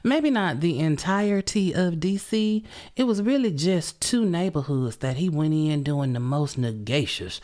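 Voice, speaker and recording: A woman's voice: on the low side, lively intonation, unhurried, mellow. A middle-aged woman hosting her podcast in casual, sassy chat, tired and run down, swearing freely and calling listeners honey. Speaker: podcast host.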